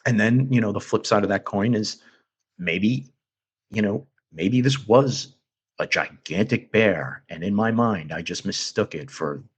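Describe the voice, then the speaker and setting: A man with a low, husky voice tells a personal story in a halting, earnest way. He often restarts his sentences while he looks for the right words. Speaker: guest recounting an encounter. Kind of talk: casual storytelling.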